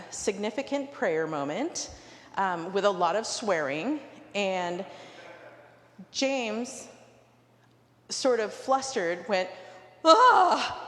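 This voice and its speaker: A woman preaching a sermon in a cathedral. She tells a personal story and acts out the quoted dialogue. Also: mid-range voice. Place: large cathedral. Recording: roomy hall with long reverb.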